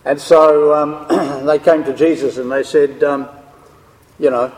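A man's voice: fairly high pitch, level tone, slow pace, darkish tone. A man teaching a Bible class, explaining ideas step by step and checking in with his listeners. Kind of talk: scripture lecture to a class. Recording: long hall reverb.

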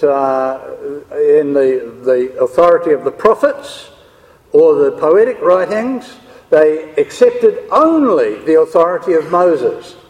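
A man's voice: fairly high pitch, a little mellow. A man teaching a Bible class, explaining ideas step by step and checking in with his listeners. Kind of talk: scripture lecture to a class. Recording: long hall reverb.

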